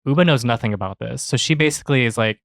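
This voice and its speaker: A man's voice: medium pitch, quick pace, vocal fry, no echo, clean studio sound. A man co-hosting a podcast, casually retelling reality show scenes and quoting what people said. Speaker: podcast co-host. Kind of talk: casual recap chat.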